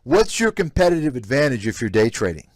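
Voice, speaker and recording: Brief: male host, mid pitch, dry close sound, blunt and scornful rant. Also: sing-song, brisk, no echo. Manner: blunt, scornful, repetitive ranting. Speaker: host, investment analyst. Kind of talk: live-stream commentary reacting to clips.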